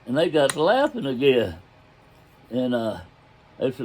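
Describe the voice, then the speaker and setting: A man's voice: mid-range voice, wildly swooping pitch, unhurried, slight background noise. Older man telling a fishing tale. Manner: folksy drawl, loose grammar, chuckles as he tells it. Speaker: storyteller. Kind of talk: casual anecdote telling.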